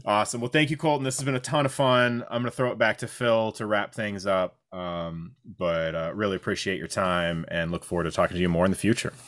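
Lower-voiced man co-hosting a podcast. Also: steady tone, brisk, few pauses, a bit bright. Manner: playful, rambling asides. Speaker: podcast co-host. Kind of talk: casual interview chat.

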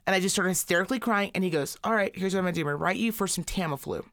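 A woman in her thirties co-hosting a podcast, telling a story in a profane, animated way and acting out the quotes. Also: fairly low pitch, very fast. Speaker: podcast co-host. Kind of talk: casual storytelling chat.

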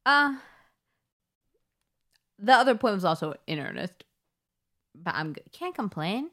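A woman's voice: mid-range voice, very animated, measured pace, fairly bright tone. A woman co-hosting a podcast, telling a story in a rambling, giggly, casual way. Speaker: podcast co-host. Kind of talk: casual chat.

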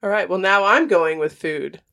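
Woman, lowish voice, chatty quiz guesser who laughs and thinks aloud. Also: moderate pace, a bit bright. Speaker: quiz player. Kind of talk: casual chat.

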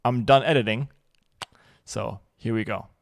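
A man's voice: medium pitch, fairly even intonation, measured pace, creaky. A man from Germany hosting a podcast, talking in a chatty, joking way with lots of fillers. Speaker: podcast host. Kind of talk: casual podcast interview.

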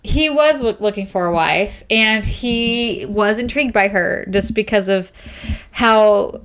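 Excitable woman retelling a novel. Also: medium pitch, measured pace, smooth. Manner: excited retelling, acting out lines. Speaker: podcast co-host. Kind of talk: casual book chat.

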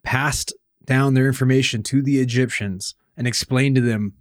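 A man's voice: medium pitch, steady tone, normal speed, no room sound. A man with a mid-range voice throws out crude, jokey quips. The sound is close and dry. It sounds like friends riffing on a podcast. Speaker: podcast co-host. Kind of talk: casual chat.

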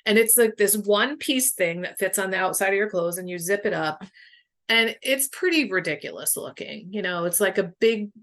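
A middle-aged woman talking as a podcast guest in a casual storytelling way. She is candid and expressive, swears without a second thought and fills her sentences with "like". Her pitch sits right in the middle for a woman. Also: moderate pace. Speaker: boundaries coach, podcast guest.

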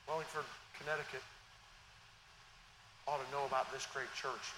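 Bright-voiced preaching man in a hall. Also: medium pitch, moderate pace, slight background noise. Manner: animated preaching, swings from quiet to loud. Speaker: pastor. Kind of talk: sermon. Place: church sanctuary. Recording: church hall reverb, faint ambience.

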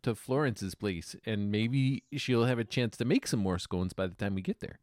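A man's voice: lowish voice, normal speed, a little mellow, dry recording, close to an everyday voice. A man voicing a genial, old-fashioned small-town man in a tabletop role-play, with quaint, homely turns of phrase. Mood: hospitable.

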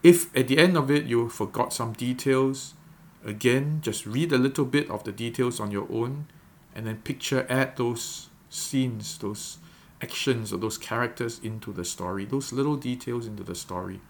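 A man leading a devotional guided meditation, gently coaching listeners step by step before reading scripture. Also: medium pitch, moderate pace, slight background noise. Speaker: devotional leader.

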